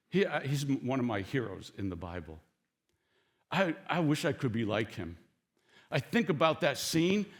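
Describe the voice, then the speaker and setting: A man delivering a sermon with a lively, swooping delivery that climbs high when he acts out the characters. He tells the story in a chatty way and stops now and then to speak straight to the congregation. His voice sits a little above the usual pitch for a man. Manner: animated storytelling, acts out quoted lines; conversational asides to the congregation. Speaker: pastor.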